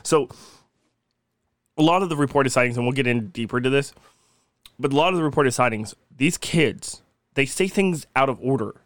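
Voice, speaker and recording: An excitable young man talks on a casual podcast, swearing freely and breaking into laughter often. His voice sits at a middle pitch and sounds close and dry, with no room around it. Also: moderate pace, long pauses, no echo. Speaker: podcast co-host.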